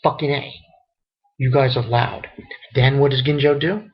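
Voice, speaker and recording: A man's voice: mid-range voice, steady tone, normal speed, husky. A young man giving a casual, rambling spoken review of a manga chapter, cursing and laughing as he goes. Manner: rambling, profane, reads quotes aloud with laughs. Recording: dull lo-fi home recording.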